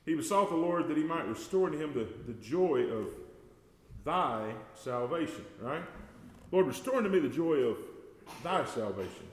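A man preaching a sermon, folksy and talking to the congregation as y'all, growing loud and slow whenever he quotes scripture. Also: on the high side, expressive. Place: church sanctuary. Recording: echoey church hall with long reverb.

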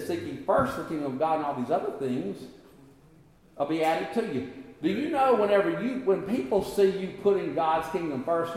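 A man preaching a sermon, talking to the congregation in a conversational way and rising to impassioned high peaks. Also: a little mellow. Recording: echoey hall.

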